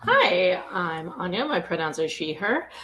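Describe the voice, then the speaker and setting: Woman player, slow and kinda hesitant, lots of uhs, lowish voice. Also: sing-song, a bit bright. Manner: hesitant, with many fillers. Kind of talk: casual self-introduction.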